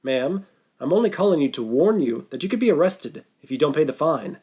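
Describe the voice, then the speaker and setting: A man's voice: a little high, expressive, a little fast, dark tone, breathy edge. A man voicing a fumbling male phone scammer who reads stiffly from a script. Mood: insistent.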